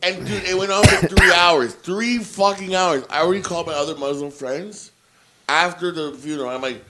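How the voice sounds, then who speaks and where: A man co-hosting a podcast, telling a story in a casual, profane, animated way and acting out his own reactions. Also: fairly high pitch, normal speed. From Italian family background. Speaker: podcast co-host.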